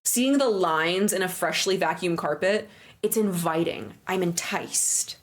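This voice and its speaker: A woman's voice: lowish voice, a little slow. A young woman livestreamer chatting casually with her viewers, crude, joking and playful. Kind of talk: casual stream chat.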